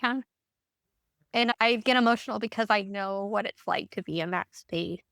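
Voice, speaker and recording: A woman speaking as a podcast guest, telling her story in a candid, expressive way. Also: mid-range voice, normal speed, gravelly, dry recording. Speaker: guest, breathwork guide. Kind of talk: podcast interview.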